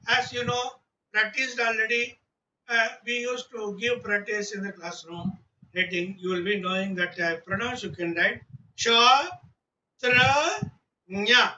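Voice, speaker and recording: A man's voice: very high-pitched, sharp tone, recorded from a distance, muffled recording, a little hiss or hum. A male teacher, giving an online class lesson and patiently sounding out letters one by one.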